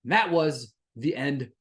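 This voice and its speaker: A podcast host giving a casual solo recap of a reality show, animated and indignant, filling talk with "like" and climbing sharply in pitch and volume when worked up. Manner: animated and indignant, with frequent "like" fillers.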